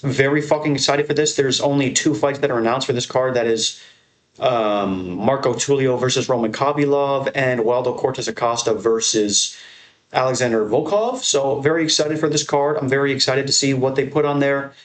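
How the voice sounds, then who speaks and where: A young man giving casual, profane, rambling commentary on his channel, ranking fight crowds with excitement. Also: mid-range voice, moderate pace. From American Northeast. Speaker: MMA content creator. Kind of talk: casual tier-list commentary.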